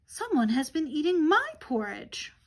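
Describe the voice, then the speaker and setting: Mama bear for a storybook reading, a bit higher, loud and exclaiming, a woman doing the voice. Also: big pitch swings, a little slow, exaggerated voice. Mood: upset.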